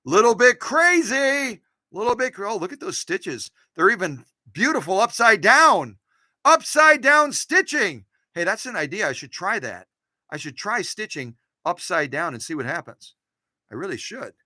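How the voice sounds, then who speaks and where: A very animated man runs a casual, playful demo in his home workshop, restoring and showing off vintage sewing machines and cheering on his machine and camera. His voice sits high, pushed and bright, at a moderate pace. There is no echo.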